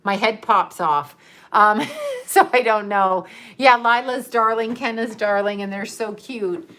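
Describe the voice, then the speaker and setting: A woman's voice: a little high, lively intonation, measured pace, fairly bright tone. A woman hosting a casual livestream, chatting and rambling with frequent laughs. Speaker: livestream host.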